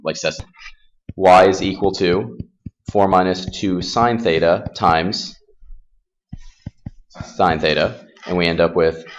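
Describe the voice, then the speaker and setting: Deep-voiced man teaching a math class. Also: a little hiss or hum. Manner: quizzing students with quick questions; casual, self-deprecating.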